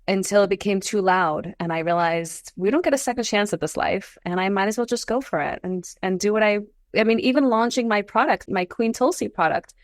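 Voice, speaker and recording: A woman in her forties, a podcast guest, telling her story in a casual interview, animated and climbing into high exclamations. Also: brisk, no room sound, clean studio sound. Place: Los Angeles.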